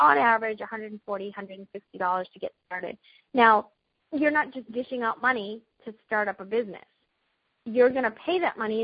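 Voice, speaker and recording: Fast-talking woman with a Boston accent. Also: mid-range voice, husky, no room sound, highs cut off. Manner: fast, upbeat, chatty with small laughs. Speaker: team leader hosting a business call. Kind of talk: recorded sales pitch call.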